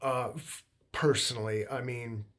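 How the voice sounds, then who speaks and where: A young man co-hosting a livestream rambles in a laid-back, meandering way, his talk packed with likes and ums. His mid-range voice has a steady, fairly bright tone and a slightly slow pace.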